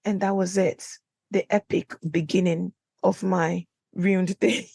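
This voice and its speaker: Brief: woman podcast host, solo, chatty storyteller who acts out quotes with big pitch jumps, dry close mic. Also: a little slow, creaky, mellow, dry recording. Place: indoor room, recording at home setup.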